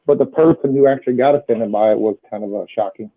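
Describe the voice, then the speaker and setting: A man in casual chat, speaking in a measured way and often restarting his phrases. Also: medium pitch. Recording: tinny voice-chat line.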